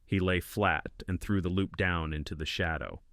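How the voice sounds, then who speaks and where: Deep-voiced man narrating a western tale. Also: dry recording, clean studio sound. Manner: low, calm, measured. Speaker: storyteller. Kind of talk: scripted western story narration.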